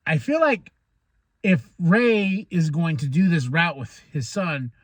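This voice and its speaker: A man from New Mexico hosting a podcast, excitedly recapping a wrestling show, laughing often and acting out what the wrestlers said. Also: on the high side, dry recording. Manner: excitable, laughs often, acts out quoted lines. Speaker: podcast host.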